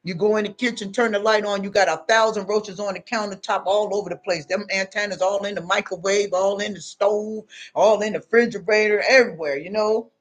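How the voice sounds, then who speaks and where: With a steady, mid-range voice, a woman talks a little fast with few pauses. She offers blunt, confrontational spiritual advice in an unscripted, casual monologue full of street slang, speaking directly to the listener and often saying things like "you know what I'm saying."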